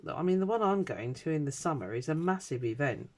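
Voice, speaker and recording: Her voice sits low, expressive and a little mellow, and she speaks briskly. She's a middle-aged British woman vlogging from her home craft desk, chatting casually in a rambling way with lots of ums and uhs.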